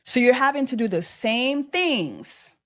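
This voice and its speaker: A woman's voice: fairly high pitch, lively intonation, measured pace. A woman hosting a celebrity gossip livestream, talking casually and exasperated, firing off repeated rhetorical questions and mocking with quacking bird jokes.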